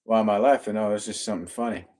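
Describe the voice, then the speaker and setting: A cheerful man with a fairly low voice chats on a live stream and reads viewer comments aloud. He laughs easily and keeps the tone upbeat. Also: steady tone, very fast, a little mellow. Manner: upbeat, laughs often, talks to his dogs. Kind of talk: casual live-stream chat reading comments.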